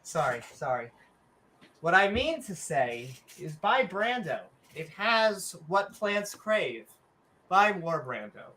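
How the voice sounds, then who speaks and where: Bright, unhurried sarcastic woman. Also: lowish voice, very animated. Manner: joking, sarcastic, mock-announcer asides. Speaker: podcast co-host. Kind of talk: casual livestream chat.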